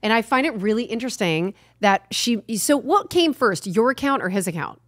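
A woman's voice: fairly high pitch, lively intonation, moderate pace, fairly bright tone, dry recording, clean studio sound. Playful woman co-host, prodding. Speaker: podcast co-host. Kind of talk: casual chat.

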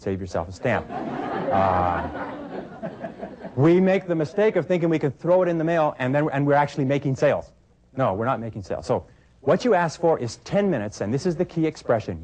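A man's voice: medium pitch, a little mellow. A middle-aged man giving a sales training talk, coaching emphatically and acting out both sides of phone calls.

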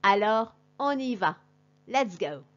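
Woman language teacher with a lively, up-and-down voice, paced very slowly for a class, on a dull lo-fi recording. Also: medium pitch. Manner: slow, deliberate and encouraging, like addressing a class.

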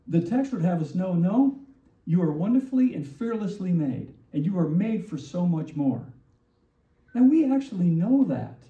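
A man preaching a sermon as pastor, animated and full of rhetorical questions, acting out the lines he quotes. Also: high voice. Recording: distant, roomy, dull church recording.

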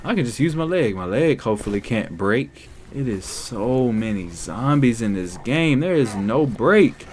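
A young man giving let's play commentary, loud and excitable, talking back to the characters on screen. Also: mid-range voice, a little slow, hardly any pauses, noisy background. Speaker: gaming YouTuber.

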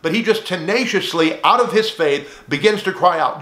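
Male pastor delivering an earnest teaching sermon; high voice, roomy sound. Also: moderate pace, bright, forceful tone. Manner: earnest preaching, addresses listener as friend.

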